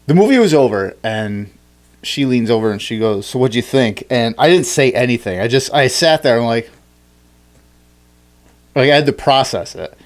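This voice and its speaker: A man hosting a podcast, telling a story in a rambling, animated way, with many restarts and fillers. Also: mid-range voice, moderate pace, pauses often. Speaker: podcast host. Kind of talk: casual chat.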